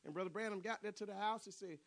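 A man's voice: high-pitched, fast, dry recording. A man preaching a sermon, telling stories, repeating and restarting his words and calling out to the congregation.

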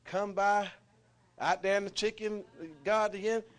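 A man preaching a sermon, folksy and impassioned, swinging from quiet talk to shouting. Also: high voice, little pitch movement, moderate pace, noisy background. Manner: folksy, dialect speech.

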